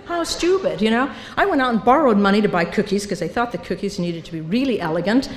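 An older woman tells her recovery story at a meeting in a hall, her mid-range voice quick and expressive. She spins the tale with self-mocking humor and acts out other people's voices. The hall is reverberant, with faint noise in the background.

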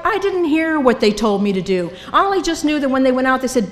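A woman's voice: sits high, big pitch swings, fast, hardly any pauses. An older woman sharing her recovery story at a meeting, storytelling with humor and acting out the voices of others. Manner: storytelling, acts out voices, self-mocking humor. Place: meeting hall. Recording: reverberant hall, faint background noise.

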